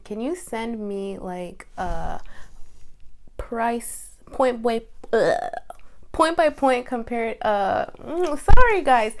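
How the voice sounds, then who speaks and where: A young woman vlogging in casual storytelling, chatty and animated, with lots of fillers and quoted asides. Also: fairly high pitch.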